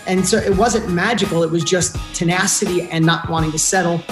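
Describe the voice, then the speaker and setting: A man's voice: high-pitched, fairly even intonation, brisk. Emphatic man in a roomy space. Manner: emphatic, blunt, earnest. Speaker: podcast guest. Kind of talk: casual interview talk. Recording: roomy with music behind. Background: music.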